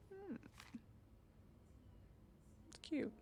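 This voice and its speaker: A woman streaming a game, reading its letters aloud softly and slowly with small asides of her own. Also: mid-range voice, lively intonation, vocal fry, soft background music. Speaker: gameplay streamer. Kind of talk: reading game text aloud while playing.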